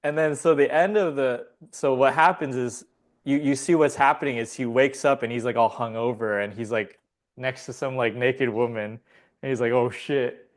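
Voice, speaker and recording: A man chats as a podcast guest, spinning a loose story with frequent laughs and casual swearing. His voice sits in a mid pitch, and he talks in an easy, rambling way. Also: steady tone, moderate pace.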